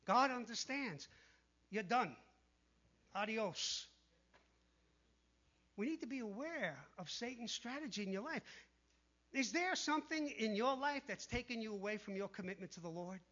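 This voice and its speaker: A man preaching a sermon in an animated way, dropping to a hush when he quotes the tempters. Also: very high-pitched, brisk. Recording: dull lo-fi sound.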